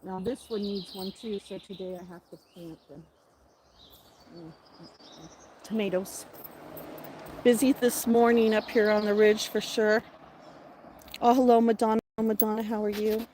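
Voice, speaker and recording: A middle-aged woman hosting a casual livestream from outdoors on a wooded ridge, chatting with viewers and her pets, sometimes dropping into soft whispers. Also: medium pitch, fairly even intonation, normal speed, pauses often. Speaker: livestream host. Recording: noisy outdoor recording.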